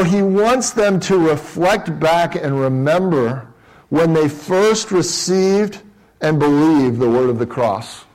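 A man's voice: a little high, darkish tone, poor audio. A male pastor giving a sermon in a conversational tone, often restarting his phrases. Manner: conversational preaching with frequent restarts.

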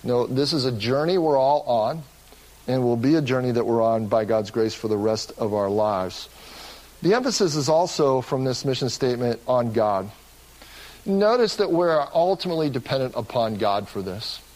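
A man's voice: medium pitch, expressive, moderate pace, darkish tone, rough recording. A man preaching a sermon as pastor of his church, earnest and often restarting his words. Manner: earnest, with frequent word repeats and restarts.

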